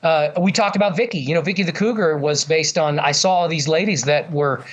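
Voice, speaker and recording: A man's voice: on the high side, fairly quick. Chatty, eager male ventriloquist. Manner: chatty, eager storyteller with many fillers. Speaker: ventriloquist guest. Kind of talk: casual interview chat.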